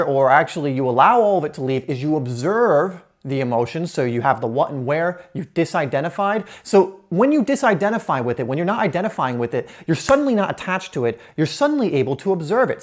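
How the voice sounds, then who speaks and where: A man's voice: on the high side, big pitch swings, brisk, hardly any pauses. A man speaking as a self-help coach in an earnest, coaching way, sometimes acting out the thoughts of his listeners. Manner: earnest, coaching, acts out inner thoughts in quotes. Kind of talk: motivational talk to camera.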